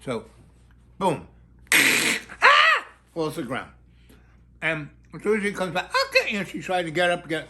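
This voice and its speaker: A man's voice: on the high side, animated, moderate pace, long pauses, very noisy. A middle-aged man telling a long story in a rambling way, full of fillers and restarts.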